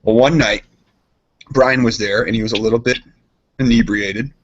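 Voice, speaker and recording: A man co-hosting a podcast, telling a rambling story in casual chat, animated and laughing. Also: fairly low pitch, moderate pace. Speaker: podcast co-host. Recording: dull lo-fi podcast audio.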